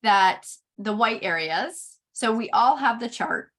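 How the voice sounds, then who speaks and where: A middle-aged woman giving a chart reading, explaining each point slowly with frequent pauses. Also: a little high, animated, a bit bright. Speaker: Human Design reader.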